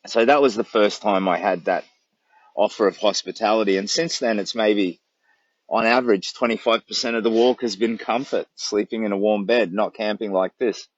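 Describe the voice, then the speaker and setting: Camped out in the bush on a long charity walk, an Australian man chats easily to his phone livestream, spinning rambling, warm stories with laughter. His voice is on the low side with fairly even intonation and a moderate pace, and the sound is lo-fi with no echo.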